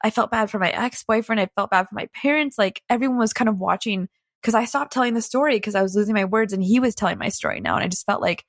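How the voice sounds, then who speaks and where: A young woman giving a candid personal account, halting often and filling her speech with "like" and restarts. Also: mid-range voice, sing-song, vocal fry, no echo, clean studio sound. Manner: halting, frequent "like" fillers and restarts, emotional recounting. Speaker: guest recounting a personal experience.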